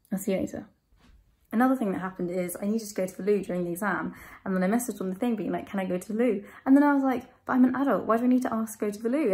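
A woman's voice: mid-range voice, mellow. A young woman, chatting casually in a home vlog, rambling and self-deprecating as she talks from her bedroom. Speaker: vlogger.

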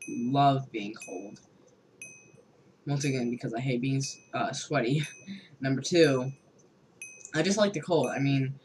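A man's voice: medium pitch, a little hiss or hum, low-quality recording. Rambling sarcastic young man gaming. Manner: rambling, sarcastic, heavy filler words, swears a lot. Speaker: gamer. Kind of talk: casual gameplay commentary.

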